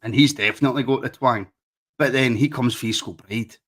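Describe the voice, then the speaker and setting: A man's voice: medium pitch, brisk, fairly bright tone. Chatty Glaswegian man hosting a podcast. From Scotland. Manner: chatty, teasing, repeats words. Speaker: podcast host. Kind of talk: casual football podcast chat.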